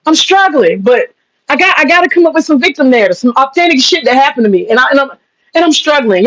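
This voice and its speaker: A woman's voice: high-pitched, a bit bright, poor audio. Sarcastic, laughing woman livestreamer. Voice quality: sarcastic, profane, laughs often. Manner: casual slangy talk, drawn-out mock pleading. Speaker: livestream host and businesswoman. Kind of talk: livestream chat reading comments.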